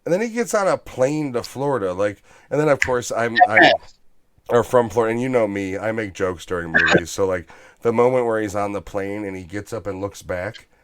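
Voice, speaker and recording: A man hosting a casual movie review podcast, animated and swearing freely as he riffs on scenes. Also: on the low side, fairly quick, a little hiss or hum. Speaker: podcast host.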